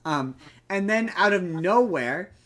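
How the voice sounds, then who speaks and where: A man's voice: high-pitched, lively intonation, slow pace, a bit bright. A young man co-hosting a podcast, recapping a movie plot in a loose, rambling way full of fillers and restarts. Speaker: podcast co-host. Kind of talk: casual movie chat.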